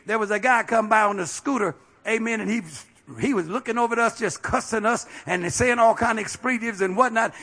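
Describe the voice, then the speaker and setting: A middle-aged male pastor preaching a fervent sermon, peppering his phrases with amen and building up to shouts. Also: high-pitched.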